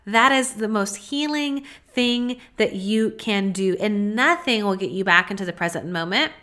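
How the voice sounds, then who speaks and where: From her home office, a woman with a medium-pitched voice hosts a solo podcast monologue on mindfulness. She coaches listeners gently and casually, using plenty of "like" and "you know," and speaks softly when modeling self-talk.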